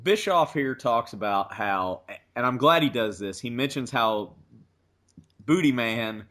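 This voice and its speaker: A man's voice: mid-range voice, lively intonation, measured pace, fairly bright tone. A man hosting a wrestling podcast in casual chat, joking and sarcastic, with casual swearing. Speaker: podcast host.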